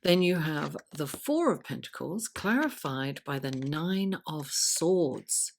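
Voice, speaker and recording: A woman giving a weekly horoscope tarot reading, chatty and unhurried, murmuring her card invocations softly. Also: sits low, expressive, gravelly. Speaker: tarot reader.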